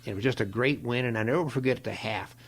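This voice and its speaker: An older man, a guest in an interview, telling stories in a folksy, animated way, with a gravelly, husky voice. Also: mid-range voice, fast talker. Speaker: interview guest, longtime equipment manager. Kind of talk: storytelling in a conversation.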